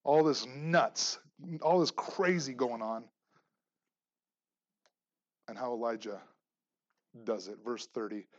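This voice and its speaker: A man preaching a sermon, animated and expressive, moving between loud emphasis and quiet asides, joking with the congregation. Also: medium pitch, slow, long pauses, lo-fi sound. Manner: jokes and laughs with the congregation. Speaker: pastor.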